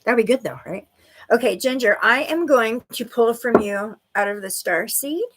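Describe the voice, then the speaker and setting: A woman's voice: a little high, moderate pace, a little hiss or hum. A woman giving intuitive readings to viewers on a livestream, bubbly and giggly, full of "like" and "okay". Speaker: livestream psychic reader.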